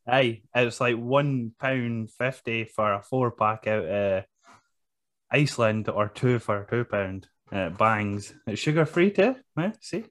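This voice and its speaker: A man's voice: mid-range voice, takes it slowly, a bit bright. A Scottish man co-hosting a podcast, bantering casually, laughing often and swearing freely. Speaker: podcast co-host.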